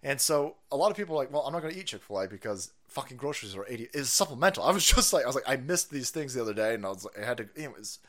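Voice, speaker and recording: A man's voice: mid-range voice, racing, hardly any pauses. A man hosting a livestream, ranting profanely about politics and reading out chat messages, often repeating himself. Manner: foul-mouthed, animated, repeats himself, reads chat aloud. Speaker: livestream host.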